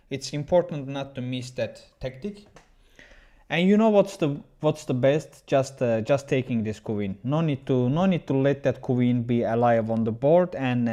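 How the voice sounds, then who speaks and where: Halting male chess streamer. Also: mid-range voice, darkish tone. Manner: halting, with many restarts, chatting with viewers. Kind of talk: casual livestream chat.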